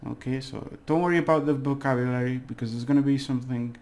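Gravelly-voiced man teaching casually. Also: mid-range voice, fairly even intonation, quick pace, darkish tone. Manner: rambling, hesitant, with jokes and fillers. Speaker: language teacher. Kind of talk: casual video lesson.

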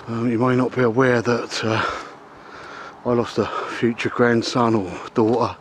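A middle-aged man, out of breath, talking haltingly to a handheld camera outdoors at night in the rain, with many ums and uhs. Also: medium pitch, level tone, slight background noise, rough recording. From England. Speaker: vlogger. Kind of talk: casual vlog to camera.

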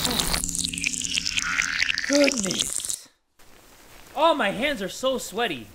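A man's voice: very high-pitched, lively intonation, a little slow, long pauses, background noise. A man giving jumpy, joking commentary while playing a horror game, swearing and yelping at the scares and talking to his viewers. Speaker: gaming YouTuber.

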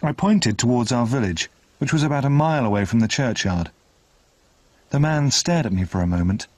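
A man narrating a retold classic novel in an expressive, dramatic reading style. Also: medium pitch, moderate pace, no echo. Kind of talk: scripted storybook narration.

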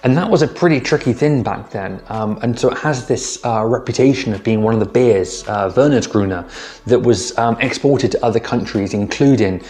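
A man's voice: mid-range voice, moderate pace, darkish tone, soft background music. A young man hosting a casual beer-tasting vlog, chatty and a little hesitant, talking straight to his viewers. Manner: chatty, hesitant with ums, addresses viewers as guys and team. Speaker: beer-tasting vlogger, channel host.

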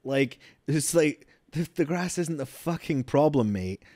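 A man's voice: on the high side, animated, a little slow, mellow, no room sound, studio quality. A man commenting on a clip as a streamer, in a blunt, sweary rant. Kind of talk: casual reaction commentary.

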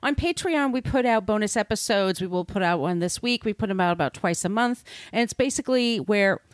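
A woman's voice: medium pitch, fairly quick, dry recording, clean studio sound. A woman hosting a podcast in a casual, irreverent way, swearing freely. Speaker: podcast host.

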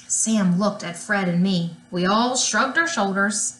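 A woman reading a children's chapter book aloud in an unhurried, lively storytelling manner. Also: mid-range voice, echoey room. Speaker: reader.

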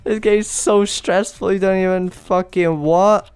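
A man playing a stressful game and commenting, swearing and yelling frantic exclamations as he goes, sounding out of breath. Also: high-pitched, fairly even intonation, takes it slowly, clean tone, dry recording. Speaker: gaming channel host. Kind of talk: let's play commentary.

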